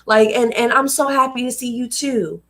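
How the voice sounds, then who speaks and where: A woman voicing a sweet, caring parent who gently comforts a child. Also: a little high, steady tone, normal speed, pitched above the performer's own voice. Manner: soothing, sweet.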